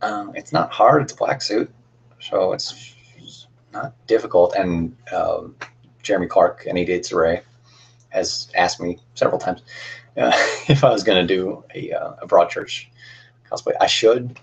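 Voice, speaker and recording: A man's voice: sits low, measured pace, creaky, breathy edge. A young man hosting a casual cosplay livestream, chatting in a rambling, friendly way with lots of fillers and restarts.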